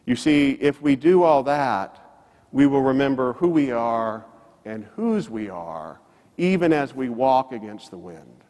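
A male pastor preaches a sermon from a church pulpit, his animated voice swinging widely in pitch as he tells a story and drives his points home, rising and falling for emphasis. Long hall reverb trails after each phrase.

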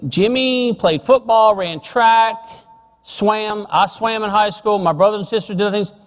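A middle-aged man preaching a sermon, telling a family story and dropping soft and slow on serious points. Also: high-pitched, big-room sound.

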